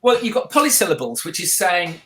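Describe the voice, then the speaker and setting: A co-host with a South London accent talks through a book in casual chat. They hesitate and restart often while explaining. The voice sits mid-range, and the room adds a clear echo. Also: mid-range voice, big pitch swings, fairly quick, pushed and bright. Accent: British, South London. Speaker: podcast co-host. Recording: echoey room.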